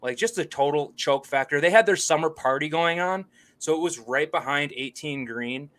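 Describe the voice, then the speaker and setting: A man's voice: on the high side, normal speed, fairly bright tone. A young man co-hosting a laid-back golf podcast. He tells his stories with lots of energy, swears freely and acts out the quotes as he goes. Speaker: podcast co-host. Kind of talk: casual golf podcast chat.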